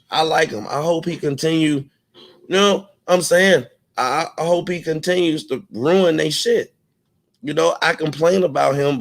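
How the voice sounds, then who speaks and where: A man with a slightly high voice hosts his own commentary channel, ranting casually and profanely. He mocks other people with quick impressions.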